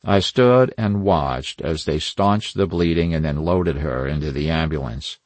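An audiobook narrator with a rumbling low voice reads a first-person crime novel a little slowly, with no echo. His delivery is wry and hard-boiled, laced with dry asides.

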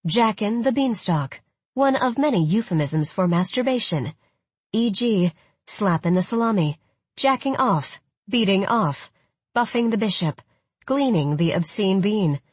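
A woman's voice: mid-range voice, a little mellow, slightly rough, no room sound. A woman reading aloud, voicing a virtual assistant machine that recites a list of definitions in a raised, listing tone.

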